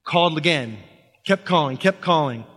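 A man telling a personal story from a stage, halting and restarting, building tension through repetition. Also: a little high, animated, a bit bright. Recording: long reverb of a hall.

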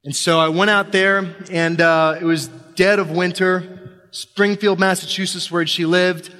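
A man's voice: sits high, level tone, bright, forceful tone. Man telling a personal story in a reverberant hall. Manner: halting, full of restarts, building tension with repetition.

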